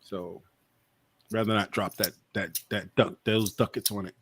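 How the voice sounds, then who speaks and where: A man's voice: on the low side, fairly even intonation, measured pace, breathy edge, no room sound. A man hosting a casual livestream chat, rambling with lots of fillers and trailing asides. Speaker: podcast host.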